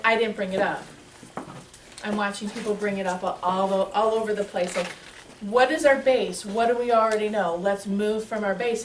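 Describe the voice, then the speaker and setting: A woman teaching a small gathering in a lively, chatty way, laughing often as she talks. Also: mid-range voice. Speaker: spiritual teacher. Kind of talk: lively talk to a live audience. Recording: echoey room, mic far off, faint hiss.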